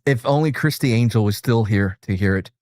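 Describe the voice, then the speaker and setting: A man's voice: fairly low pitch, fairly quick, darkish tone, no echo. Profane joking male host, dry sound. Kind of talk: casual chat.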